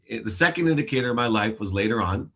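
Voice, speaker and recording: A man's voice: fairly low pitch, lively intonation, fast, fairly bright tone. A man in his forties, a show host, telling his life story in an interview with earnest, emphatic delivery and acted-out dialogue.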